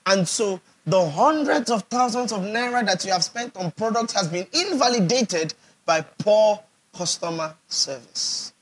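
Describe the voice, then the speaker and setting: The voice is a man's, sitting high with lively intonation, a breathy edge, and a slightly slow pace. A Nigerian pastor, he preaches emphatically, repeating phrases for effect and regularly asking the audience questions to confirm they understand.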